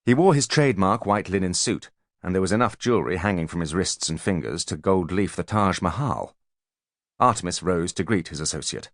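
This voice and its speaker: A man's voice: deep voice, dry recording, studio quality. A man narrating a children's novel as an audiobook, telling the story expressively. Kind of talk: scripted narration.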